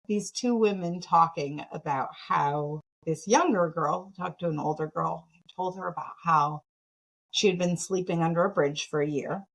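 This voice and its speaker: A woman from Michigan, a podcast guest, telling her story in a casual, animated, self-deprecating way with frequent laughter. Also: on the low side, rough recording. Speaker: podcast guest, nonprofit founder.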